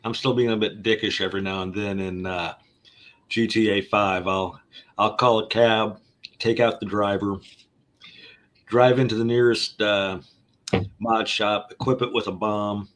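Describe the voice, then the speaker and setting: A man's voice: lowish voice, fairly even intonation, a little slow, a bit bright. A man chatting casually, telling a rambling story in a laid-back way. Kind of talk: casual chat.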